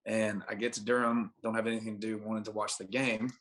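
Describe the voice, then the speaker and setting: A man's voice: fairly low pitch, flat delivery, a little fast, fairly bright tone. A young adult man, a guest on a podcast, telling a long story in a laid-back, rambling way full of "like" fillers. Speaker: podcast guest, baseball pitcher. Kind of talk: casual storytelling.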